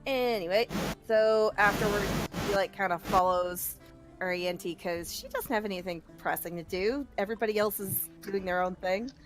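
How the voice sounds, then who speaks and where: A woman's voice: medium pitch, normal speed, over music. A woman player in a tabletop game, describing her character's actions with frequent fillers and restarts.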